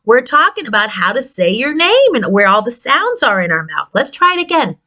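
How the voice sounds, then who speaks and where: A woman's voice: on the high side, very animated, fairly quick, bright, forceful tone. Sing-song encouraging speech therapist woman. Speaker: speech-language pathologist. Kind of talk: children's speech lesson with puppets.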